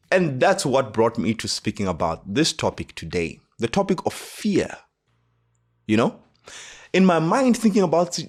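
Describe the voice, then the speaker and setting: A man with a South African accent, hosting a motivational talk and telling a personal story, acting out the dialogue with animation. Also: husky. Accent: South African English. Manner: animated, acts out dialogue with rising pitch. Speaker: host.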